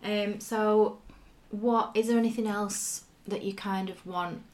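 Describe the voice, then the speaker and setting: A woman's voice: mid-range voice, steady tone, unhurried, a little mellow. A young woman hosting a parenting podcast, asking questions in a loose, encouraging way. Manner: encouraging, frequent backchannel agreement. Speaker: podcast host. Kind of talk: casual podcast interview.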